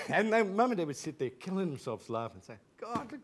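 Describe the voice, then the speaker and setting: A man's voice: fairly high pitch, sing-song, fast. An Australian man in his fifties, animatedly recalling school days with laughter and frequent restarts. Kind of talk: casual anecdotal storytelling.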